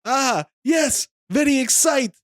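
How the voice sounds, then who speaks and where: A man's voice: very high-pitched, expressive, takes it slowly, a bit bright, no room sound, studio quality, pitched above the performer's own voice, full character voice. A man putting on an awkward foreign male TV guest with a thick put-on Kazakh-style accent and broken English. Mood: awkward excited.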